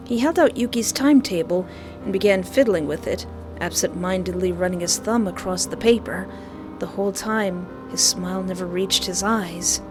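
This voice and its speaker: A woman's voice: lowish voice, normal speed, soft background music. Woman narrating a visual novel. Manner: animated, playfully sarcastic. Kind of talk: reading a visual novel aloud with jokey asides.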